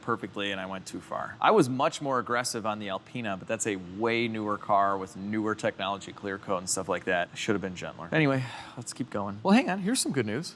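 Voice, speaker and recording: A man's voice: lowish voice, a bit bright, a little hiss or hum. A man talking casually while he works on a car in his garage, chatty and joking with himself, a little congested. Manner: chatty and self-joking, rambles on tangents. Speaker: car restoration vlogger. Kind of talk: casual talk-through while working on a car. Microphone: handheld camera while working.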